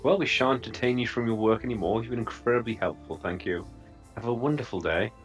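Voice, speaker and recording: A man voicing a genteel, smooth-talking male adventurer who speaks with overly polite, formal phrasing. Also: mid-range voice, a little fast, faint music behind, natural voice. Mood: courteous.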